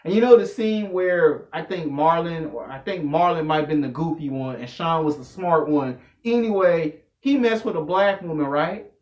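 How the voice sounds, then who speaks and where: A man delivering a loud, profane comedic rant to camera, telling slangy stories as a vlogger. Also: fairly high pitch, normal speed. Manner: loud, animated, slangy storytelling. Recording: echoey room, dull lo-fi audio.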